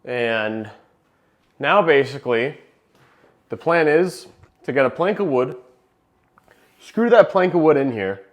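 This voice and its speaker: Slow and given to long pauses, the young vlogger's mid-range voice still carries lively intonation. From New Hampshire, USA, he keeps fish and records a casual home vlog from his basement and rooms, talking to camera with a jokey, chatty manner while working.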